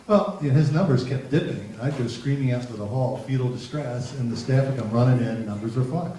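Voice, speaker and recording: A middle-aged man gives a parenting seminar, telling stories with animated humor and putting on voices for the people in them. He sounds far from the mic in a very echoey hall. There is clear noise in the background. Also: mid-range voice, quick pace. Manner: animated storytelling, acting out voices. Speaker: psychologist giving a parenting seminar. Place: large hall with an audience. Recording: roomy, distant, noisy hall recording.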